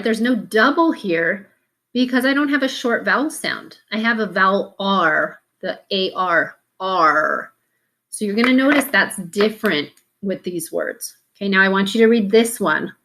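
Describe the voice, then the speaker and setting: A woman's voice: fairly high pitch, sharp tone. A woman teaching a phonics lesson, patiently sounding out letters one at a time and breaking words into syllables.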